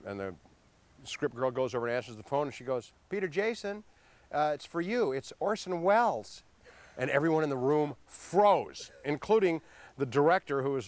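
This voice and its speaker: A man's voice: medium pitch, clear, resonant tone. A man, an actor, telling an anecdote with many hesitant fillers. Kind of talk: casual storytelling.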